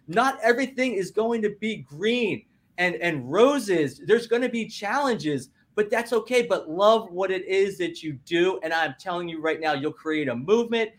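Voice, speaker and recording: With a high-pitched voice at normal speed, a man guesting as a business coach delivers a spirited motivational speech. He's emphatic and rousing, often cutting in with "listen" and "guess what."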